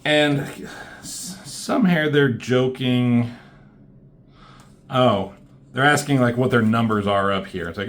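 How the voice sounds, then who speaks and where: A man's voice: medium pitch, slow, long pauses, fairly bright tone. Guy rambling thru a comic review, swears a lot, lots of ums and likes, voice right in the middle. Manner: rambling, profane, many fillers. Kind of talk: casual commentary.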